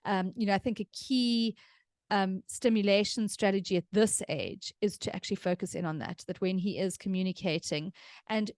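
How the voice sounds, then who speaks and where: A middle-aged South African woman hosts a podcast, offering chatty, explanatory parenting advice as an expert and laughing easily. Her mid-range voice is a little mellow at normal speed, recorded in studio quality with no room sound.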